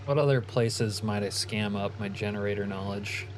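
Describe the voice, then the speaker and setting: A man with a slightly low voice talks through his game stream in a laid-back, joking way and reads viewer comments aloud. A steady hum of game noise runs underneath. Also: normal speed. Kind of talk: casual live-stream commentary.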